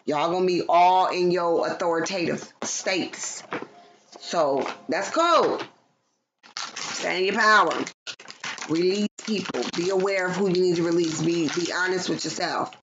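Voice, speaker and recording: Woman tarot reader, loose and profane, lowish voice, dull lo-fi sound with noise behind. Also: unhurried. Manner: loose, profane, playful, breaks into singing. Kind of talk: casual livestream tarot reading.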